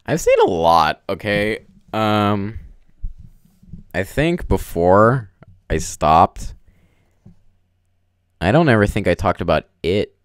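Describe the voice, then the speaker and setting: A man's voice: on the low side, sing-song, slow pace, pauses often, clean tone, dry recording, studio quality. A man chatting casually on a live stream from home, rambling and filling his talk with "um" and "like". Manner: rambling, full of "um" and "like".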